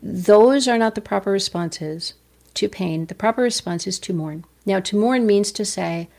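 A woman giving a casual devotional talk as host, earnest, often dropping to soft whispers as she acts out pain. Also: medium pitch, normal speed, gravelly.

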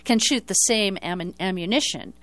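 A woman's voice: mid-range voice, normal speed, dry recording. A middle-aged woman hosting a talk show, talking earnestly in a casual interview, often correcting herself mid-sentence. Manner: earnest, talkative, frequent self-corrections.

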